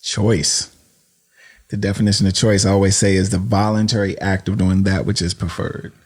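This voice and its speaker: A man's voice: deep voice, flat delivery, normal speed, darkish tone, breathy edge. A man interviewing friends on a podcast, asking questions in an encouraging, admiring way. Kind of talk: conversational interview.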